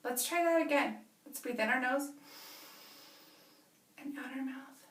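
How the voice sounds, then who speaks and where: A woman teacher reading a picture book aloud to young children, stopping often to ask them animated questions. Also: high voice, measured pace, far from the mic, slight background noise. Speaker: preschool teacher. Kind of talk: children's story read-aloud lesson. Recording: echoey room, away from mic.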